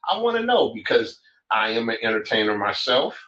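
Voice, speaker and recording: A man's voice: medium pitch, big pitch swings, a little fast, pushed and bright, lo-fi sound. A man co-hosting a casual podcast chat, talking emphatically and repeating words for effect. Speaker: podcast co-host.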